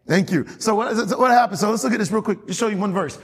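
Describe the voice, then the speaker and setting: A man's voice: high-pitched, lively intonation, quick pace, slightly rough. A man preaching a sermon as pastor, often asking the congregation questions and waiting for their response. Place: church hall. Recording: long hall reverb.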